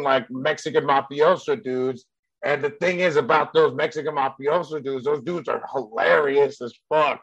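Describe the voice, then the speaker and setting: Gravelly man telling a rambling story. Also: on the high side, fairly bright tone, no echo, dull audio. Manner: rambling, profane, filler-heavy. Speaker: comedian. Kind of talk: storytelling in casual podcast chat.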